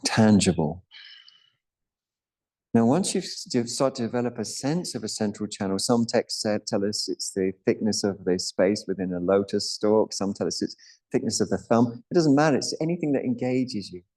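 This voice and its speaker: A middle-aged man leads a live yoga class, calmly explaining breathing and chanting practice and working Sanskrit terms in as he goes. His voice is fairly low and his speed normal, his manner instructive.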